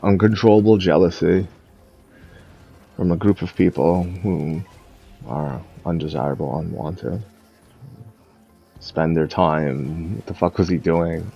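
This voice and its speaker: A man's voice: sits low, takes it slowly, gravelly, long pauses, muffled recording, soft background music. A young man ranting in a casual, profane and mocking way, rambling between thoughts. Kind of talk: casual rant.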